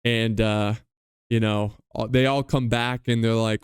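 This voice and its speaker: A man's voice: lowish voice, little pitch movement, measured pace, smooth, dry recording, clean studio sound. A man hosting a book club podcast, retelling chapters in a loose, rambling way full of fillers. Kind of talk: casual book recap.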